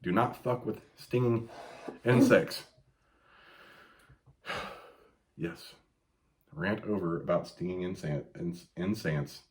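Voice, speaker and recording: Low-pitched and slow, with frequent pauses, this man in his late thirties hosts a casual podcast conversation. His storytelling is animated and profane, punctuated by yelped quotes.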